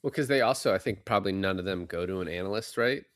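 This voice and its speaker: A man co-hosting a podcast who retells film scenes in a relaxed, casual way. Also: low voice, fast talker, no room sound, clean studio sound. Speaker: podcast co-host.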